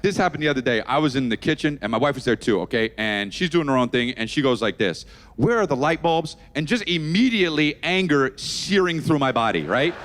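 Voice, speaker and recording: A man doing a stand-up comedy set, ranting loudly and swearing a lot. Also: mid-range voice, a little fast, few pauses, a little hiss or hum. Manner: loud, animated ranting with swearing. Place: comedy club stage.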